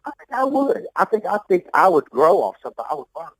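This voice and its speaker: A man's voice: high voice, sing-song, fast, no echo, poor audio. A man being interviewed about his music, talking in a loose, rambling, profane way, often repeating himself and laughing. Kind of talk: casual interview talk.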